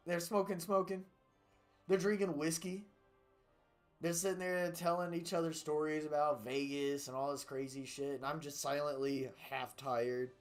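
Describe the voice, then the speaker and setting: A man's voice: fairly high pitch, flat delivery, moderate pace, soft background music. A young man streaming a game, chatting casually and telling rambling, profanity-laced stories. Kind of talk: casual chat while gaming.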